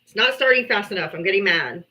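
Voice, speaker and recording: A woman's voice: medium pitch, expressive, fast, pushed and bright. A woman in her forties hosting a casual livestream from her phone, exasperated, laughing and swearing over technical trouble. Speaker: livestream host.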